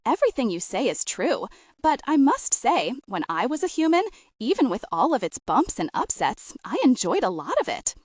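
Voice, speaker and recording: A woman's voice: sits high, sing-song, normal speed, dry recording, clean studio sound, voice pushed up. A wistful little chipmunk, as a woman narrator puts it on. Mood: fond. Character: gentle little chipmunk, once a human.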